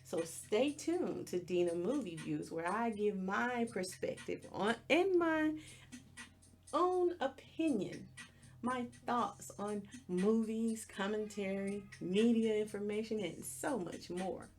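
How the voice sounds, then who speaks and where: A woman's voice: mid-range voice, a little slow, few pauses, a little mellow. A woman hosting a podcast, telling the plot of a show step by step in a casual, storytelling way. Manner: storytelling, plainly retells scenes step by step. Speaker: podcast host. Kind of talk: casual movie recap.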